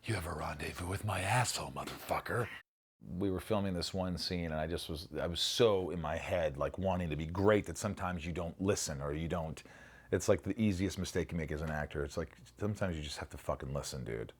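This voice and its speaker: A man's voice: low-pitched, brisk. A middle-aged man, an actor in a casual interview, telling stories animatedly, swearing freely and acting out lines.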